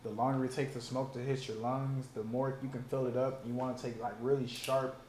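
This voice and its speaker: Young man, 20s, raspy smoker's voice, loose profane chatter; roomy recording, light background noise. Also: medium pitch, level tone, a little fast, darkish tone. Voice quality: hoarse, smoker-like rasp. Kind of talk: casual chat. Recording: roomy room, faint ambient noise.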